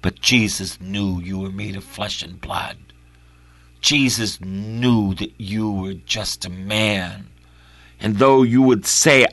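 A male preacher in prayerful preaching, who repeats his phrases and swings from loud cries to hushed whispers. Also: lowish voice, slow, dry recording.

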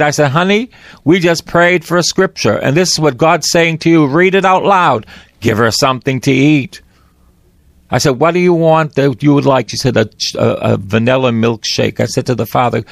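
A man's voice: mid-range voice, gravelly, no echo, clean studio sound. A man, a priest, preaching on a broadcast in a fervent, pleading way, repeating his phrases.

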